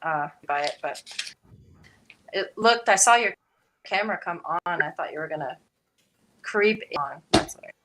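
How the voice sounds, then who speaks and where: A woman from Quebec with a slightly low voice chats in a relaxed online group call. She talks loosely with plenty of laughter. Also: moderate pace, pauses often, low-quality recording. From Quebec, Canada. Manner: chatty, laughing, restarts often. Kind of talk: casual group chat.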